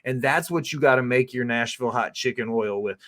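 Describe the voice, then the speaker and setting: A chef narrates a cooking video in a casual, rambling voice-over, cursing freely and padding gaps with "like" and "um." His male voice is medium in pitch, fairly quick, and slightly bright.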